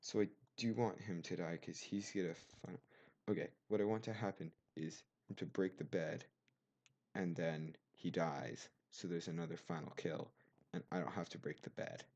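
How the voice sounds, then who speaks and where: A man's voice: sits low, fairly even intonation, normal speed, a little mellow. A young man commentating his game with sarcastic, mock-offended rants on a cheap desk mic. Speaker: gamer. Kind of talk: gameplay commentary.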